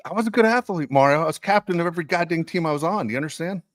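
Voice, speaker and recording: A man's voice: on the high side, animated, very fast, fairly bright tone, no room sound, studio quality. An older man co-hosting a podcast, telling rambling, self-mocking jokes in casual chat. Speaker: podcast co-host.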